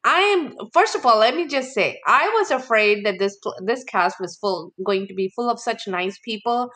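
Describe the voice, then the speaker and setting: Bright-voiced woman chatting reality TV. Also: on the high side, lively intonation, normal speed. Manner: opinionated, laughing, rhetorical questions. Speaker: podcast guest. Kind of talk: casual chat about reality TV.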